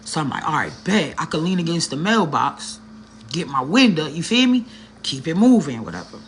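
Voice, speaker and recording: A woman's voice: low-pitched, very animated, normal speed, slight background noise. A woman telling a personal story in a casual, slangy vlog, talking straight to her viewers with an earnest, emotional edge. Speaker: vlogger.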